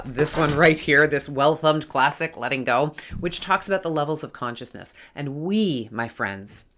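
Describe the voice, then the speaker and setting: A middle-aged woman with a low voice talks straight to her viewers in a spiritual vlog. She sounds earnest and reassuring and keeps calling them her friends. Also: fairly bright tone. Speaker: spiritual vlogger. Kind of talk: casual spiritual talk to camera.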